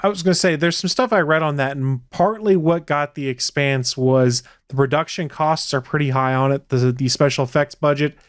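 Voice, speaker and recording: A man's voice: on the high side, moderate pace, few pauses, clean tone, no echo. A man co-hosting a podcast, talking casually with wry, dry humor. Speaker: podcast co-host. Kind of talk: casual chat.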